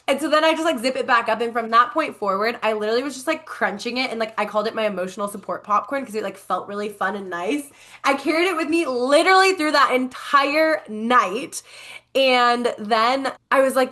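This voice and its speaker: A young woman tells a festival story on her podcast in a loose, chatty way, full of fillers. Her voice sits fairly high and sounds bright and forward. She slips into animated quoted voices as she goes. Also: fairly quick. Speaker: podcast co-host. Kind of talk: casual storytelling chat.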